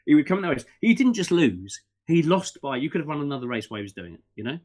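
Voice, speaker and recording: Man, middle-aged, podcast guest, rambling, quick-paced. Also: fairly high pitch. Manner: animated and rambling, with many restarts and fillers. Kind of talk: casual interview chat.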